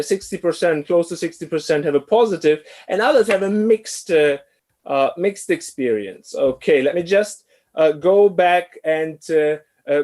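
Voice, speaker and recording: Man, higher voice, online lecture, many pauses and fillers, explaining slides. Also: darkish tone. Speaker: business school lecturer.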